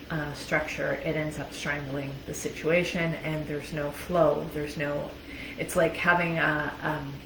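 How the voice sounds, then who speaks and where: A woman coach talks in a low-pitched, candid, chatty way, often laughing and letting a casual curse slip. Her voice rings in an echoey room. A faint hiss sits underneath. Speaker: life coach. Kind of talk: casual motivational talk.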